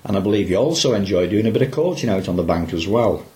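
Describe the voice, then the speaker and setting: Male host, lowish pitch, formal scripted interview links. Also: animated, quick pace, darkish tone.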